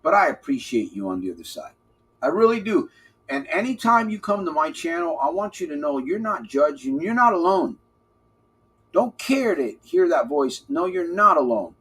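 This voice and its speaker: A man hosting a live podcast as a recovery coach, talking casually to his chat in an animated, playful way and repeating phrases for emphasis. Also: a little high, moderate pace, husky. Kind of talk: live-stream talk, answering chat.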